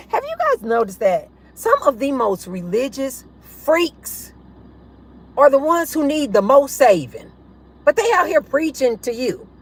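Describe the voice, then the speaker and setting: A woman hosting a casual livestream, her voice fairly high with a gravelly, husky edge. She talks bluntly and laughs often. She sounds animated as she chats with her viewers. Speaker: livestream host.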